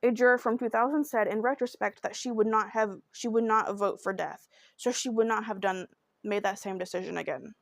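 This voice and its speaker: A woman's voice: mid-range voice, fairly even intonation, a little fast, vocal fry, no echo. A woman hosting a true crime podcast, narrating a case in an earnest, emotional and heartfelt way. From Oklahoma.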